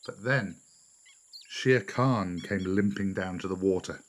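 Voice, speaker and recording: Low-voiced man reading a storybook. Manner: measured, expressive storytelling. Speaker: narrator. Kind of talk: storybook read-aloud.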